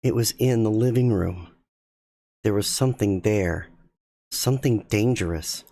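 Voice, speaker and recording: Guy streamer reading a creepy story real slow, drawn-out and tense. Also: lowish voice, creaky, warm tone, no room sound. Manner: slow measured suspenseful reading. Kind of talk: spooky story narration.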